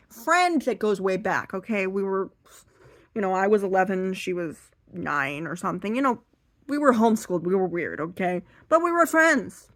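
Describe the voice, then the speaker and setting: A young woman talks through a stand-up set from a chair, her voice a little strained. She acts out family members and curses for emphasis, and her pitch sits in the middle. The sound is close and dry, with no room around it. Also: expressive, moderate pace, dry recording. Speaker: stand-up comedian. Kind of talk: seated stand-up comedy monologue.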